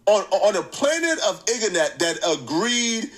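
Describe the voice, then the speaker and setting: A man hosting a reaction channel, giving casual, animated commentary, laughing easily and repeating points for emphasis. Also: high-pitched, moderate pace, low-quality recording.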